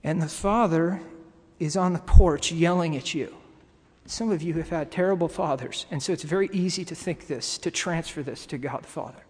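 A man preaching a sermon to his congregation, earnest and halting, with pauses and restarts. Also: on the high side, darkish tone, breathy edge. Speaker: pastor. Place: church sanctuary. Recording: long reverb of a hall.

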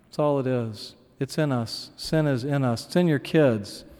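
A man's voice: medium pitch, measured pace, darkish tone, clear, resonant tone. A middle-aged man preaching a sermon in a conversational way, with asides and acted-out quotes. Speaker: pastor. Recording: hall reverb.

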